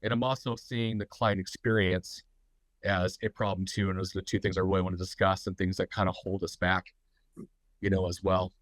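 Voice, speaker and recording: A man's voice: low voice, flat delivery, brisk, no room sound, rough recording. A man with a stuffy, congested voice hosting a live business talk for tattoo artists, rambling with lots of fillers and restarts.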